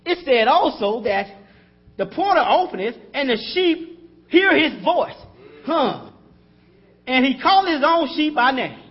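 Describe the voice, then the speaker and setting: A man's voice: very high-pitched, big pitch swings, unhurried, dull audio. A man preaching a sermon in a conversational style, calling out to the congregation and chuckling as he talks.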